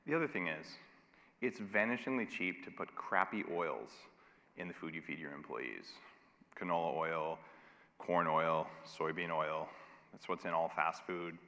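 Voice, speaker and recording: A man giving an energetic, emphatic conference keynote with a wry edge, speaking in a large hall. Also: deep voice, measured pace. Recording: long hall reverb.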